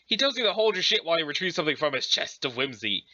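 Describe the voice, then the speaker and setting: A man's voice: fairly high pitch, sing-song, very fast, bright, forceful tone, dull audio. A man reading a web comic aloud, with sardonic, profane commentary. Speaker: comic reader.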